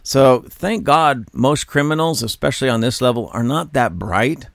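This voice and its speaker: A man's voice: medium pitch, normal speed, gravelly, few pauses, no room sound, clean studio sound. A man hosting a commentary show, reading a news story aloud and repeatedly breaking into laughter. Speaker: commentary channel host.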